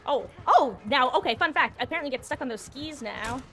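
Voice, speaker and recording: Woman streamer, chatty gameplay commentary, slightly high voice, frequent laughs. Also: animated, a little fast, bright, forceful tone, soft background music. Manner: chatty, laughs often, talks to viewers and teammates.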